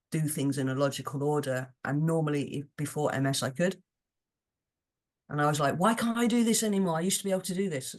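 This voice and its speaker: A British woman, a podcast guest, chatting casually in a rambling, earnest way with many restarts. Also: low-pitched. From United Kingdom.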